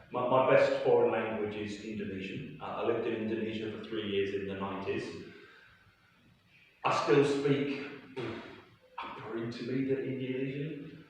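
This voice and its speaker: A middle-aged man, a teacher giving an anecdotal public talk in a conversational way, checking in with frequent "okay?". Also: medium pitch. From England. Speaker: English language teacher and guest speaker. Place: library event hall. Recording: echoey hall from far off, faint noise.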